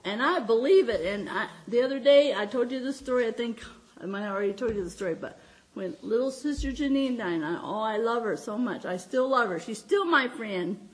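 A middle-aged woman preaching to her congregation with a high voice. She tells her stories warmly and with feeling, her voice lifting and sinking, and she often breaks into laughter. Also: fairly quick. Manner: heartfelt, animated storytelling with frequent laughs. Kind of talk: sermon with personal stories.

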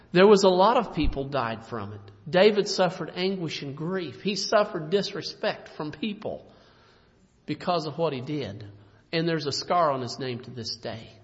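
A man preaching a sermon with an emphatic delivery that swings between loud and soft. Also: on the high side, sing-song, moderate pace. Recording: dull lo-fi recording in a reverberant hall.

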